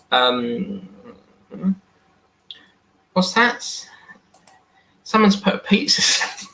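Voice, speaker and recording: Chatty man, bright and echoey. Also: fairly high pitch, vocal fry. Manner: chatty, reads and answers viewer comments aloud. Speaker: live stream host. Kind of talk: casual live stream chat. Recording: echoey room.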